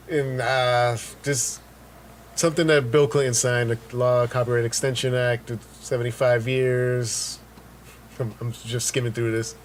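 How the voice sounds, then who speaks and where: A man with a mid-range voice hosts a relaxed podcast. He explains items at an easy pace, chuckling along with his co-host. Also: medium pitch, a little hiss or hum. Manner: easygoing, explains news items. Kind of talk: casual podcast chat.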